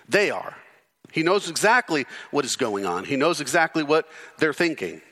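A male pastor preaching an expository sermon, emphatic, with repeated rhetorical questions and sudden drops into low, intense delivery. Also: sing-song, normal speed, bright, forceful tone.

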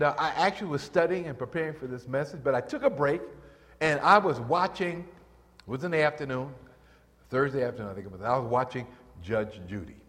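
Animated older male preacher in a reverberant hall. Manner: animated, rises high and loud when excited, drops soft in stories. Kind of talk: sermon with storytelling.

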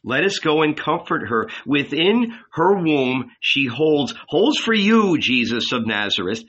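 A man voicing a gentle male guardian angel who soothes and coaxes in a slow, quiet, persuasive manner. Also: on the high side, sing-song, husky, highs cut off, full character voice. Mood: consoling.

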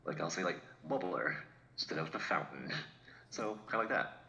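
A man's voice: a bass voice, expressive, moderate pace, creaky, bright, forceful tone. A man from New England, a podcast co-host chatting casually and reflectively, choosing his words with care. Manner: reflective, picks words carefully. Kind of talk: casual chat. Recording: echoey room.

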